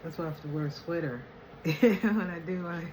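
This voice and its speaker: A woman's voice: fairly low pitch, moderate pace, dark tone, a little hiss or hum. A woman hosting a casual home video chat, playful and chatty, often laughing. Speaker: vlogger host. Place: at home indoors. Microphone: camera.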